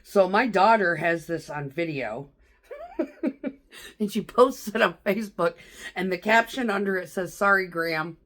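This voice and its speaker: A middle-aged woman chats through a rambling story, swearing freely and breaking into laughter. Her voice sits a little low for a woman. She talks like she's catching up with a friend. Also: lively intonation, a little slow, a bit bright. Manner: chatty, profane, laughs often. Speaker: vlogger. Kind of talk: casual storytelling vlog.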